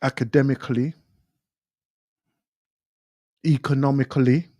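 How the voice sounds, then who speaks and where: A man's voice: medium pitch, fairly even intonation, fast, darkish tone, no echo, clean studio sound. A man hosting a live talk radio show, delivering an impassioned monologue and repeating phrases for emphasis.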